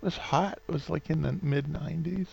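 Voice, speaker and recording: Gravelly New England man rambling on. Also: on the high side, fairly even intonation, fairly quick, warm tone, highs cut off. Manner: rambling, full of fillers and restarts; sentimental, gets openly emotional. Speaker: vlogger. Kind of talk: rambling casual vlog. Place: at home.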